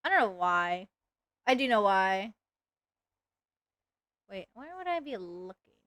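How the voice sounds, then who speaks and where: A woman's voice: mid-range voice, sing-song, slow pace, a bit bright, dry recording. A woman streamer chatting casually while she draws, rambling along with lots of "like" fillers. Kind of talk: casual livestream chat while drawing.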